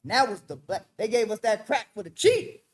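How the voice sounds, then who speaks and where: High-pitched, animated woman preaching. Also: fairly quick, slight background noise. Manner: emphatic, loud, vernacular, addresses the room directly. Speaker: teacher leading a Bible study. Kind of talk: animated street-style preaching.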